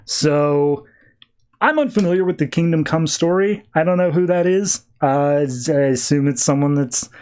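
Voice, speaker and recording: A podcast host with a somewhat high voice, casually recapping a comic book plot. He retells it with animation, slipping in and out of the characters' lines. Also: moderate pace, darkish tone, clean tone.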